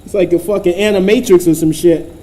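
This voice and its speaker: A man's voice: high-pitched, steady tone, quick pace, dark tone, roomy sound, slight background noise, rough recording. A man giving casual commentary, profane, blunt and rambling.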